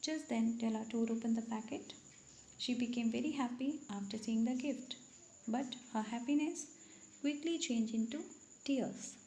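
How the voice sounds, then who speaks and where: A woman's voice: fairly high pitch, vocal fry, mellow, roomy sound, slight background noise, low-quality recording. A woman teaching English, who reads a story aloud and then explains its words in simple terms.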